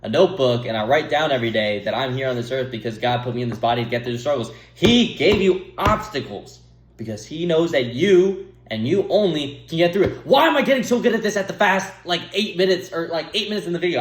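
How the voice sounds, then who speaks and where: A young man with a fairly high, lively voice talks fast in an echoey room, offering earnest advice to the camera. His casual monologue rambles, and he keeps breaking off to laugh at himself and wander off topic.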